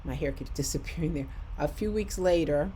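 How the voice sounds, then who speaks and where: A woman's voice: low voice, fairly quick, warm tone, slight background noise. A woman from Michigan telling a personal story in a vlog, acting out both sides of a conversation.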